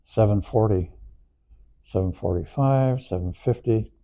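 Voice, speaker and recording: A man telling a story in a casual, animated way, acting out quoted voices and chuckling along. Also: on the low side, measured pace. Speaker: storyteller recalling past events. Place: auditorium, on stage.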